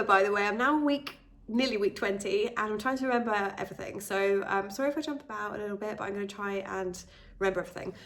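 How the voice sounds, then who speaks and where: A British woman talks straight to camera in a casual vlog, her voice sitting at an ordinary middle pitch. She sounds congested from a cold, and her delivery is candid and rambling. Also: a bit bright. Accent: British English. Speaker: vlogger and fitness instructor. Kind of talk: casual pregnancy update vlog.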